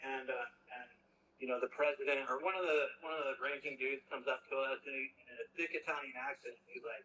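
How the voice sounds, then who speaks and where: A man recounts old stories in a rambling, slangy way, with plenty of fillers. His voice is bright and forward. The recording sounds echoey, with faint background noise. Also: mid-range voice, fairly even intonation, fast. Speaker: interview guest, former band drummer. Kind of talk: casual storytelling in an interview.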